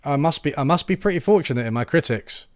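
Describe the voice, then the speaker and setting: A man's voice: fairly high pitch, animated, fast, no room sound, clean studio sound. Sarcastic man streaming casually. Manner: sarcastic, laughing, trailing off into restarts. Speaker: YouTube channel host. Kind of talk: casual live-stream chat.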